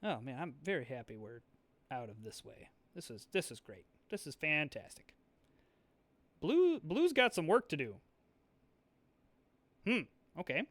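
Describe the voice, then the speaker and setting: A young man chats his way through a board game, thinking out loud with plenty of fillers and false starts. His voice sits a little high. The sound is dry and close, with no room echo. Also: sing-song, unhurried, long pauses. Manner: chatty, rambling, full of fillers and restarts. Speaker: board game video host. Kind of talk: casual thinking-aloud play commentary.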